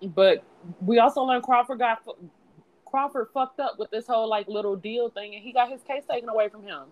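Blunt woman with a higher voice, chatting about a film. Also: dry recording, low-quality recording. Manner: blunt, profane, quick to react. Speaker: podcast co-host. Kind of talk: casual movie review chat.

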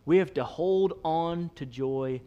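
A male pastor delivering a lively sermon in a fairly high voice. He jokes loudly with the congregation, then drops to a hushed, slower tone when he reads scripture. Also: clear, resonant tone, lo-fi sound. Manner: animated, swings between loud punchy asides and soft quoted passages.

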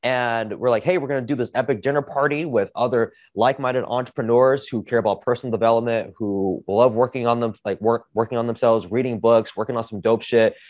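A man hosting a podcast, telling a story in a casual, energetic way, swearing often and saying "like" a lot. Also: mid-range voice, fairly quick, few pauses, no room sound. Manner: energetic, profane, heavy use of "like". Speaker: podcast host.

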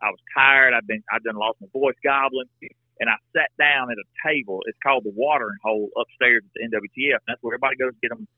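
A man with a drawl talks earnestly and a bit haltingly, circling back on his words as he tells a story. His voice sits at an ordinary pitch. The sound is thin and phone-like, with a dry, close feel. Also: no room sound. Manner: earnest, folksy, talks in restarts. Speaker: podcast guest. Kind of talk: casual storytelling conversation. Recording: tinny phone-like line, dry.

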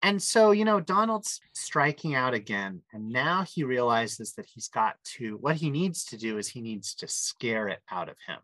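A man talks with lively enthusiasm as he retells a comic story and turns to his co-hosts for their views. His voice sits at an ordinary middle pitch. The sound is close and dry, with no room echo. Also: moderate pace, hardly any pauses. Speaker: podcast host. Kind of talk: casual chat.

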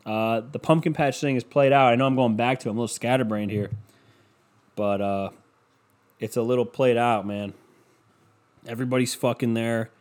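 A man talking casually at a mid-range pitch, swearing nearly every sentence as he drifts from one story to the next. He often jumps up into a high, incredulous voice when ranting, then drops back down into mumbled asides. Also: darkish tone. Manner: profane, scatterbrained storytelling with sudden high-pitched outbursts. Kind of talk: casual rambling monologue.

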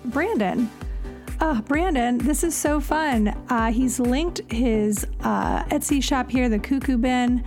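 A woman's voice: fairly high pitch, slow pace, a little mellow, soft background music. A woman hosting a podcast, chatting casually in an upbeat, gushing way. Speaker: podcast host.

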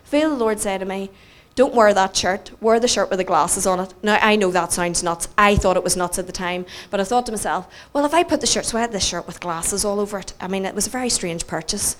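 A woman's voice: mid-range voice, brisk, hardly any pauses, a little hiss or hum. Northern Irish woman preaching with humour. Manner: animated, self-mocking storytelling with acted quotes. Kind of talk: storytelling sermon.

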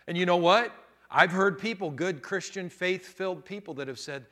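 A man preaching a sermon as pastor, switching between loud, rising preaching and quieter teaching, and laughing often. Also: high voice, normal speed.

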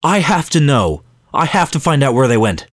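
A guilt-ridden male doppelganger from a dark audiobook, talking in a desperate, shaken way, as a man reads him. The voice sits low and the recording is dry and close. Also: big pitch swings, normal speed, no room sound.

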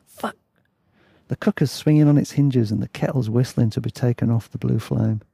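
A man's voice: mid-range voice, fairly quick, creaky, warm tone, slightly rough, no echo, clean studio sound. A man reading his own travel memoir aloud in a laid-back, chatty way, breaking off for asides and self-corrections. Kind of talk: casual story reading.

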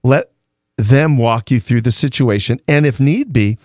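A man's voice: medium pitch, a little slow, darkish tone, no echo, clean studio sound. A man hosting a radio show, talking casually, teasing his co-host and telling stories with animation. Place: radio studio. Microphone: studio microphone.

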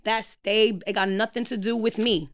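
A woman's voice: medium pitch, steady tone, moderate pace, a little hiss or hum. A woman on a podcast, talking bluntly and profanely in a casual chat, launching into preachy rants.

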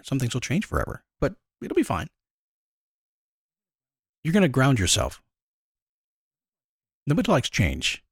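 A man hosting a motivational talk, speaking emphatically and asking rhetorical questions, swinging between loud bursts and hushed asides. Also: mid-range voice, breathy edge, no room sound, clean studio sound. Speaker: motivational podcast host. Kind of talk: animated motivational monologue.

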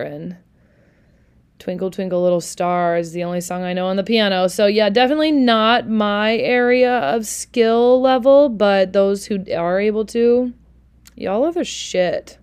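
A woman's voice: medium pitch, fairly even intonation, normal speed, darkish tone, clear, resonant tone. A young adult woman hosting her own podcast, talking casually and candidly, self-deprecating and swearing now and then. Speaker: podcast host. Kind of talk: casual solo podcast monologue.

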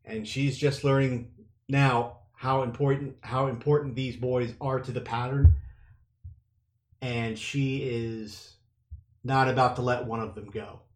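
A man's voice: mid-range voice, measured pace, roomy sound. A man hosting a podcast, casually recapping a chapter and then reading it aloud. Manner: relaxed, thinking aloud with restarts. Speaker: podcast host and reader.

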